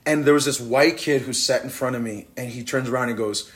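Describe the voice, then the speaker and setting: A rapper in his thirties, appearing as an interview guest, speaks fairly quickly in a mid-range voice. He's animated as he tells stories in the casual conversation, acting out the voices of the people he quotes.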